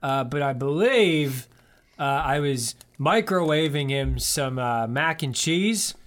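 A grumpy old man who rambles about his younger days and grumbles about how the world has changed, put on by a man on a podcast. He keeps drifting off into long, wandering stories. He sits a little high in pitch. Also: lively intonation, slow. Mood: grumbling. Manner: cranky rambling reminiscing. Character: grumpy forgetful old grandpa in a nursing home.

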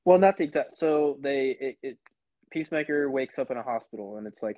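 A man's voice: medium pitch, expressive, a little fast, dry recording, dull audio. A young man co-hosting a podcast, chatting casually and rambling as he retells scenes. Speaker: podcast co-host. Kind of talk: casual chat.

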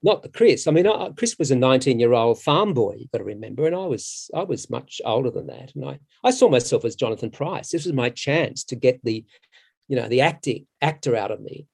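A middle-aged man, a stage actor, telling a long anecdote in a casual, halting way with many restarts. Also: mid-range voice, expressive, vocal fry, darkish tone, slightly rough. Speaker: musical theatre actor, interview guest.

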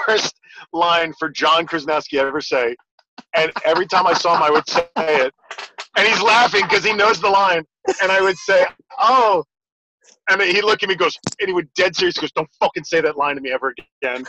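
Guest type, a man with a bright tense voice, laughs through his anecdotes, dull audio. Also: high voice, a little hiss or hum. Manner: rambling, laughing storyteller. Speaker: podcast guest. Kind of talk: casual chat.

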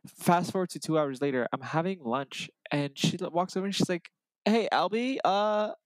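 Excitable young man telling a story. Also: a little high, a little fast, no echo. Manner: animated storyteller, excitable, acts out dialogue. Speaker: podcast co-host. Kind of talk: casual chat.

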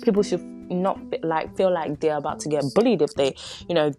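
A young woman hosts a casual podcast from home, her low voice moving fairly quickly as she rambles, giggles, pokes fun at herself and trips over her words. There's no microphone nearby, just a phone or similar device, and this unedited home recording carries faint pop music playing softly behind her.

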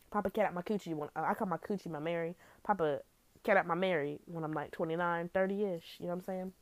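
A young woman hosting a podcast, telling a story in a brash, profane, animated way with big swings in pitch. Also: no echo. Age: young adult. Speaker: podcast host. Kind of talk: casual storytelling monologue.

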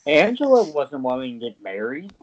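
A man's voice: medium pitch, sing-song, normal speed. A man narrating as game master in a tabletop game, in a matter-of-fact way. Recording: dull lo-fi dry mic.

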